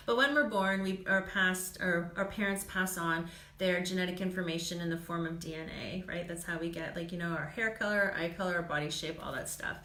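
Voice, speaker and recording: A woman's voice: lowish voice, fairly even intonation, a little fast, pushed and bright. A woman doing live card readings for viewers, chatty and reassuring, laughing often and filling gaps with "um". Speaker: psychic reader. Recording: echoey room.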